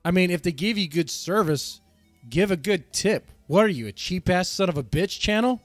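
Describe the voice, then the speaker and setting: A man's voice: sits high, animated, normal speed, dry recording, soft background music. A man hosting a casual live stream, reacting to chat with crude, mocking rants. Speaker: streamer host.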